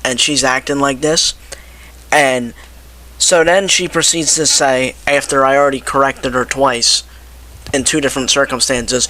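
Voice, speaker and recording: A man's voice: mid-range voice, unhurried. A young man telling a story in a casual rant and getting exasperated, acting out both sides of a phone call. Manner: animated, exasperated, quotes people in his telling. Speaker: vlogger. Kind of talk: casual ranting story to camera.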